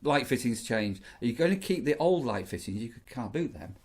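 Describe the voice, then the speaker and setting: A middle-aged man, chatting casually and rambling through animated stories. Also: medium pitch, a little fast. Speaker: vlogger, campsite warden. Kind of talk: casual chat.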